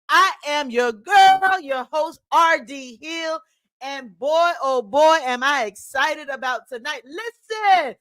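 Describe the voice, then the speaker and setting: A woman hosting her podcast in a lively, preacherly call-and-response way, with a Philadelphia accent, repeating phrases and hyping up listeners. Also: sits high, takes it slowly, dry recording, clean studio sound. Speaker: podcast host. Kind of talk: energetic podcast opening.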